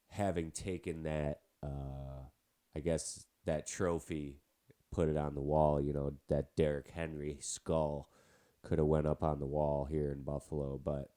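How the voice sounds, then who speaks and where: A man's voice: a bass voice, warm tone. A man with a nasal, stuffed-up voice from a cold, hosting a casual sports podcast in a chatty, rambling way. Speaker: podcast host.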